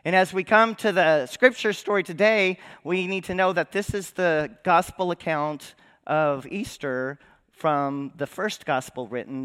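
A man preaching in a church, his voice high and bright. He talks to the congregation in a conversational way and keeps asking them questions. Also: clean tone. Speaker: pastor. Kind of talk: Easter sermon. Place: church sanctuary.

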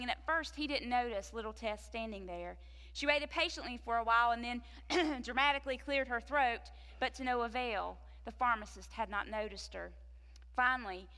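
Woman preacher, pitched a bit high, unhurried storyteller, reverberant sanctuary sound. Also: bright, forceful tone. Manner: storytelling, slows for emphasis. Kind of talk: sermon with a told story.

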